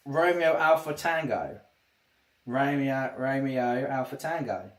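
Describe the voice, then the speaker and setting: Man streamer, casual, self-interrupting talk, mid pitch, echoey room. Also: slow pace. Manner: rambling, restarts sentences often. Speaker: livestreamer. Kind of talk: casual livestream chat. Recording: roomy echo.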